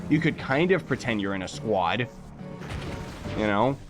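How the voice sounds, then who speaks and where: Over background music, this young gamer from Canada speaks in an expressive, medium-pitched voice, a little slowly. While livestreaming his game he reads out chat messages, jokes around, and chats casually.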